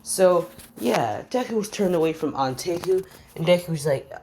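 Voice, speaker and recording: Low voiced woman making up a fan story as she goes, lots of uh and basically, forgets names, bit of hiss behind. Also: animated, normal speed, a little mellow. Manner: rambling, many fillers, forgets names mid-sentence. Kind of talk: improvised fan-story narration.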